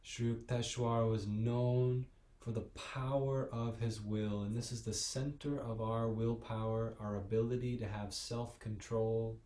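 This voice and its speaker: A man guides a yoga and meditation class in a slow, soothing, gently encouraging way. His voice is mellow and dark, with a level, unvaried lilt. The sound rings in a roomy, echoey space. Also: mid-range voice, fairly even intonation. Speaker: yoga teacher. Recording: echoey room.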